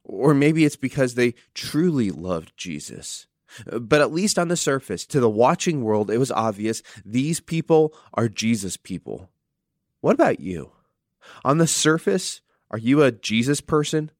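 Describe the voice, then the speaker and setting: A man's voice: mid-range voice, very animated, measured pace, dry recording. Earnest male pastor preaching in a dry room. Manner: earnest storytelling with dramatic reading. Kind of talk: sermon.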